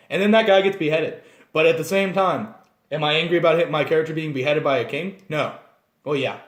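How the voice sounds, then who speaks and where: A man with a fairly high voice explains tabletop game races in a loose, chatty way. He keeps drifting into little acted scenes. There is a roomy echo around him. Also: a little fast. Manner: animated, digressive, acts out scenes. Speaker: channel host.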